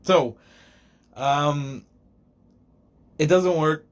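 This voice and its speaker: A man's voice: fairly high pitch, extremely slow. A middle-aged man telling a casual, rambling story in a joking, digressive way. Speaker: podcaster.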